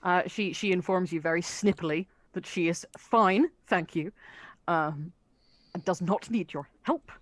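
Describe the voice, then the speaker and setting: Woman game master, hesitant narration, lowish voice, dry close mic. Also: unhurried, dry recording. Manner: hesitant, many ums.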